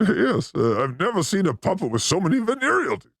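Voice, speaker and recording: A man hosting a podcast, trading crude jokes and playful riffs, swinging between loud bursts and mutters. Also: high-pitched, very animated, fairly quick, vocal fry, slightly rough. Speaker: podcast host. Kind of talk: crude comedic riffing.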